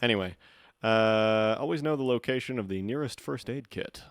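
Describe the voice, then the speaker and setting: A man's voice: medium pitch, normal speed, no echo. A man streaming a game, giving casual commentary in a sarcastic, joking way.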